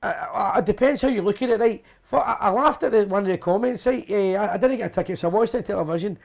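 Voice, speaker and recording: A man's voice: high-pitched, creaky. A Scottish man hosting a fan chat show and phone-in, telling rambling jokey stories and checking in with "right?" as he goes. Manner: fast, rambling and jokey, with constant tag questions. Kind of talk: casual chat and storytelling.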